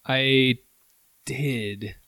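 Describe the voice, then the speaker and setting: A man's voice: mid-range voice, fairly even intonation, very slow, bright, forceful tone, clean tone, dry recording. A man chatting casually while tasting candy, laid-back with dry humor.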